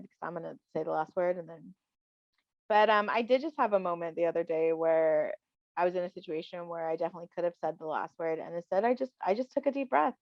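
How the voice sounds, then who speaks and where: A woman's voice: on the low side, dry recording. A woman talking candidly and reflectively as a guest in a casual chat, often acting out what she says to others. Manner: candid, reflective, acts out quoted lines. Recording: dull dry lo-fi sound.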